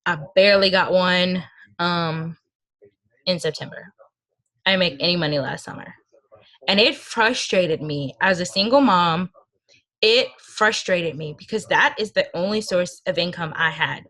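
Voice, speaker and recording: A woman's voice: lowish voice, a little slow, fairly bright tone. A young woman giving an earnest, emotional motivational talk to her sales team over a video call. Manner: earnest and emotional, speaks from personal experience. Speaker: team leader speaking to a sales team. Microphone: video call microphone.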